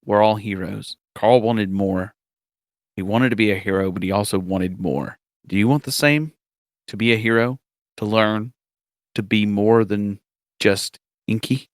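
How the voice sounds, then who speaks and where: Low, insistent hero, a man voicing him, encouraging and persuasive. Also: steady tone, measured pace, dry recording, lightly acted. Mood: pressing.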